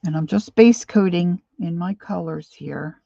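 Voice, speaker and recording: Slow gravelly older woman painting live. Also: fairly low pitch, warm tone, no room sound, dull audio. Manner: chatty, rambling, reads viewer comments aloud. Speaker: painting instructor. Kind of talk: live painting stream chat.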